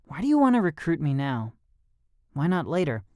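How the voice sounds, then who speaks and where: A man's voice: a little high, very animated, moderate pace, dark tone, no echo. A man voicing a cocky, wisecracking teenage boy in an audiobook. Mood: joking.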